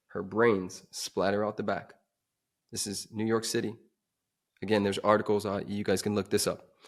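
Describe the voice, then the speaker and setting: A man on a podcast telling a dramatic personal story, swinging from emphatic to hushed. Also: fairly low pitch. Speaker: podcast guest.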